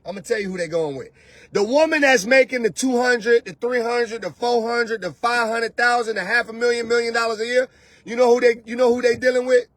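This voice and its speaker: A man hosting his own show, ranting loudly and mockingly about dating, often slipping into soft mimicking voices. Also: very high-pitched, fairly quick, no room sound. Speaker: host. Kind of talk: animated rant to camera. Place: lives in Atlanta.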